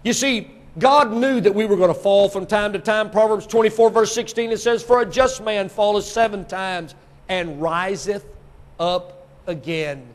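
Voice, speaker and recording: A man preaching a sermon, swinging from quiet teaching to shouted exhortation. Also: high-pitched, moderate pace.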